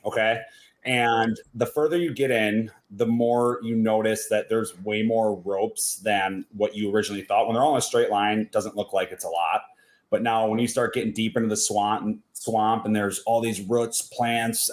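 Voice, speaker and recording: A man's voice: lowish voice, steady tone, moderate pace. A young man with a Wisconsin accent, chatting casually as a guest about his time on a reality show, a little sleepy but trying to keep his energy up. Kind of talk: casual video chat interview.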